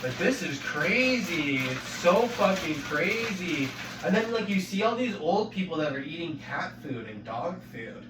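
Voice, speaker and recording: A man venting in a profane rant, swearing constantly and rising to angry shouts. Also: a little high, sing-song, a little slow. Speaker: vlogger. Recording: echoey room, far from mic, noisy.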